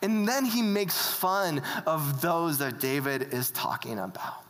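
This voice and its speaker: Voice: medium pitch, animated, unhurried, a bit bright. A preacher giving a casual, conversational sermon, often turning to the audience with questions. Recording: long hall reverb.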